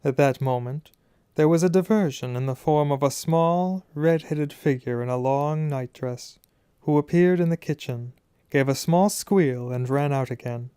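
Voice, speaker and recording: Man reading a storybook, dry and smooth. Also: a little high, no room sound. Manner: measured, expressive storytelling. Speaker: audiobook reader. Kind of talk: audiobook narration.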